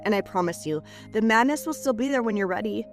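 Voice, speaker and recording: A woman podcast host reading a scripted reflective letter aloud, soothing and expressive, moving between lifted phrases and hushed drops. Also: mid-range voice, fast talker, soft background music.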